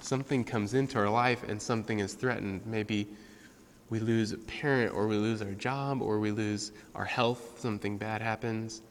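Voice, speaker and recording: Low, gravelly man in an echoing hall. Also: fairly even intonation, a little hiss or hum. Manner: casual, halting with many fillers. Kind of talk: informal devotional talk.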